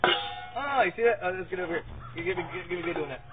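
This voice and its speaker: Rapid-fire and steady, with a high-sitting voice, a man rambles casually while handling dogs in a pen outdoors for his vlog, grunting with effort and repeating words. Loud music plays behind him, and the audio is tinny and phone-like with faint noise.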